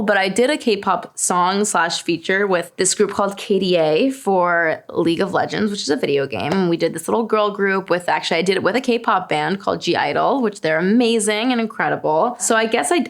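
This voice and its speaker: A young woman from Long Island talks in an easy, unscripted way, answering questions with self-deprecating jokes and frequent laughs. Her voice sits in a middle register with a noticeable gravelly fry at the ends of phrases. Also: mid-range voice. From Long Island, New York. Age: 20s. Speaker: singer answering internet questions. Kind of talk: casual unscripted chat to camera.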